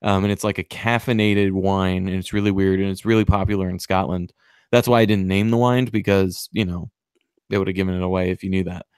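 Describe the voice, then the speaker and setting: A man's voice: low voice, fairly even intonation, brisk, a little mellow, clean tone, dry recording, studio quality. A man hosting a podcast quiz in casual chat, rambling with lots of fillers and casual swearing. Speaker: podcast host running a quiz.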